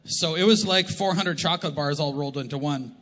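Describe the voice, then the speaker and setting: Bright-voiced joking Canadian pastor. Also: male voice, on the high side, a little fast. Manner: animated, jokey, acts out quotes. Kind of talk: humorous sermon storytelling. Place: large church hall. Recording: live church hall reverb.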